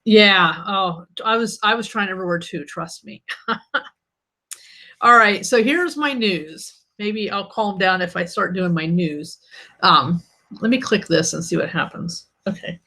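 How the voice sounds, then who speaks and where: A woman hosts her own live stream as an author, chatting casually from her desk mic. Her voice is bright and forward, and she sounds irritated and snarky while laughing things off. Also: on the low side, measured pace.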